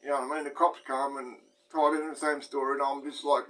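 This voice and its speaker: A man's voice: mid-range voice, flat delivery, fast talker, few pauses, fairly bright tone, far from the mic, rough recording. A middle-aged Australian man, a former inmate, telling a story casually to his viewers, blunt and swearing, often restarting his phrases. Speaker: YouTube host, former inmate.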